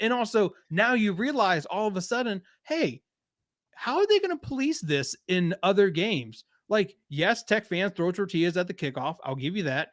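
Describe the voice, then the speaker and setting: A man's voice: sits high, very animated, moderate pace, fairly bright tone, dry recording, clean studio sound. A man from Texas, co-hosting a podcast and ranting in a casual, profane, joking way about sports. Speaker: podcast co-host.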